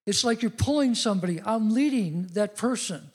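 A man's voice: high voice, expressive, moderate pace, slightly rough. A middle-aged man preaching a sermon, telling personal stories in an earnest way that rises to emphatic declarations.

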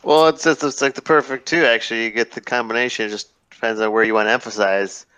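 A man's voice: mid-range voice, fairly even intonation, quick pace, pushed and bright, clean tone, muffled recording. A man in casual podcast chat, playful and toying with the sound of words. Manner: playful, toys with word sounds.

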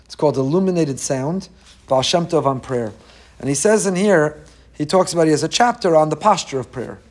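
Animated man giving a Torah class. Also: a little fast. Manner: animated, acts out quoted voices with rising pitch. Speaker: rabbi.

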